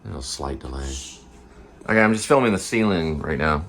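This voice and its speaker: A man's voice: extremely low pitch, expressive, fairly quick, fairly bright tone, a little hiss or hum. A man hosting a casual vlog from his apartment, rambling and interrupting himself as he jumps between topics, filmed on a handheld phone. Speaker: vlog host. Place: apartment indoors. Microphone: handheld phone camera selfie.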